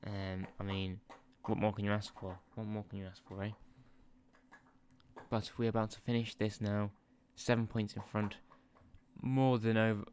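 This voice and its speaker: A man's voice: lowish voice, a little mellow, a little hiss or hum. A man giving casual, chatty commentary over a football management game, easily distracted, laughing and swearing as he talks into a sensitive desk microphone. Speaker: gaming channel host.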